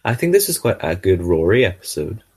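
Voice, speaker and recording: A man co-hosting a casual chat about an episode, pausing to search for words. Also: deep voice, sing-song, darkish tone, husky. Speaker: podcast co-host.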